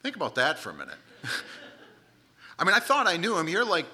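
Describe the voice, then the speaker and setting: A man's voice: mid-range voice, huge pitch swings, moderate pace, pushed and bright. A man preaching a sermon, retelling a Bible story with dramatic quoted voices.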